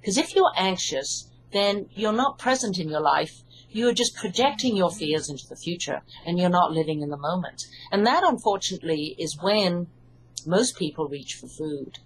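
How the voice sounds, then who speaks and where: A woman with an English accent, an author and hypnotherapist, calmly explaining her ideas in an interview. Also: lowish voice, moderate pace, slight background noise, poor audio. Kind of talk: interview answers.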